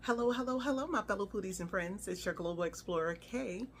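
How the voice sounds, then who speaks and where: A woman's voice: mid-range voice, fast talker. A woman food vlogger giving a casual, playful review, humming and exclaiming as she tastes. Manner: chatty and playful, hums and exclaims while tasting.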